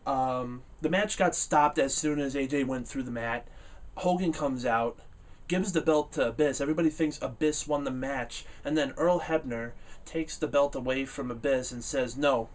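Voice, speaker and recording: A man giving a casual spoken review of a wrestling event, rambling with lots of "uh" fillers and getting loud and animated when he rants. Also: mid-range voice, far from the mic. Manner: rambling, many "uh" fillers, laughs easily.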